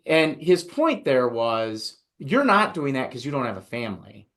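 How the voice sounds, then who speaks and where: A man's voice: medium pitch, big pitch swings, normal speed, a bit bright. A male podcast host who asks questions and tells stories in a casual, rambling way. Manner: conversational, storytelling, many fillers.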